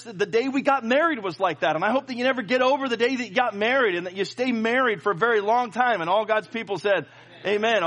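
High-voiced pastor telling a funny story. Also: male voice. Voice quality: plenty of filler and restarts, jokey. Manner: storytelling with animated asides to the congregation. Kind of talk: sermon.

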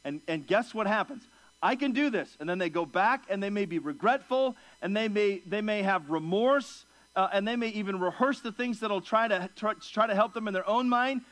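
A man with a fairly high voice preaches a verse-by-verse sermon. He drops low for side remarks, then climbs into loud, excited stretches. He acts out the people he quotes in higher, animated voices. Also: moderate pace, no echo, poor audio. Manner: emphatic, swings from low asides to raised, excited delivery. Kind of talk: expository sermon.

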